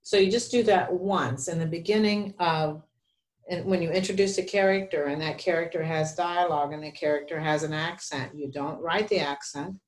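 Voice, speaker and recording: A woman's voice: lowish voice, fairly even intonation, normal speed, echoey room. A woman co-hosting a podcast, explaining writing rules in a conversational teaching manner. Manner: explanatory, gives rules of thumb. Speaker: podcast co-host.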